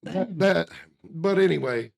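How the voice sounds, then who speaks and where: A man's voice: fairly high pitch, animated, unhurried, creaky. A man co-hosting a casual podcast chat, talking in a blunt, folksy, emphatic way. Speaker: podcast co-host.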